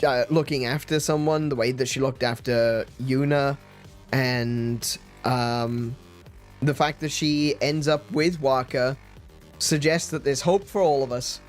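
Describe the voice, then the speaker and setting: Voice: medium pitch, steady tone, a little slow. Stammering stream host, faint music. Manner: stammering restarts, laughs often. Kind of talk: casual chat on a stream.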